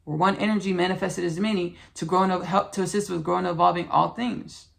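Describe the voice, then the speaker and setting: Gravelly-voiced woman preaching spiritual uplift. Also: fairly low pitch, steady tone, fast. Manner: earnest, repetitive, preachy. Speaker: podcast host. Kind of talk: spiritual channeling monologue.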